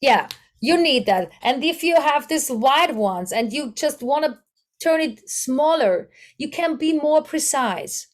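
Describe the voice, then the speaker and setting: A woman's voice: high-pitched, animated, takes it slowly. A woman with a German accent teaching a voice workshop, searching for English words and demonstrating vocal exercises. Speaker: voice coach.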